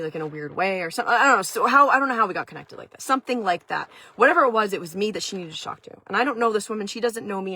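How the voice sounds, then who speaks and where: A woman's voice: mid-range voice, fairly bright tone, dry recording. A woman hosting her own vlog, telling a personal story in a chatty way, full of "like" fillers. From Maine. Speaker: vlog host. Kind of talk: casual storytelling.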